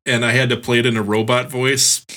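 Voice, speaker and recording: A man on a comedy podcast, excitable and easily flustered as he chats casually. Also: mid-range voice, brisk. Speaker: podcast co-host.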